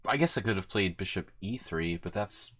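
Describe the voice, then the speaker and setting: Low-voiced man thinking aloud over chess. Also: lively intonation, normal speed, fairly bright tone. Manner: thinking aloud, unsure and self-mocking, many fillers. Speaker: chess streamer playing blitz. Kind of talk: casual live commentary while playing.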